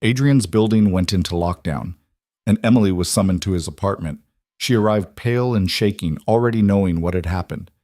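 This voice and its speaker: A man doing scripted narration of a dramatic story in an even, measured manner. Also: deep voice, no room sound, studio quality.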